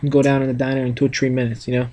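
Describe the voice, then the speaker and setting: A man's voice: medium pitch, monotone, very fast, mellow, a little hiss or hum. Man with a northeastern Pennsylvania accent. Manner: joking, teasing banter. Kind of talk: casual reaction chat.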